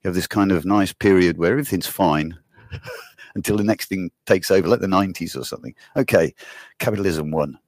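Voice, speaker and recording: A man with a very low voice rambles through a casual chat, laughing and swearing as he goes. His tone is husky and rough, and the recording sounds dry and close. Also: a little fast, no echo. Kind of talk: casual conversation.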